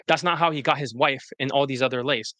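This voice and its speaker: Man, livestream host, blunt and profane, bright tone, dry sound. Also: mid-range voice, fast, no room sound. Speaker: dating coach hosting a livestream. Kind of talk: casual livestream commentary.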